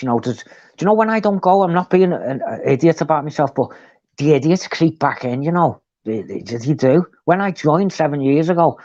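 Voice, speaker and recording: A man telling animated stories in a casual live chat. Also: fairly high pitch, no echo, highs cut off. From England. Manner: chatty, animated storytelling. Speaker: co-host.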